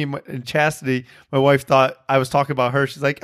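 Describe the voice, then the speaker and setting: A man's voice: mid-range voice, little pitch movement, quick pace, few pauses, fairly bright tone, smooth. A man hosting a podcast in casual chat, telling a rambling, profane story with self-mocking laughs. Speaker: podcast host.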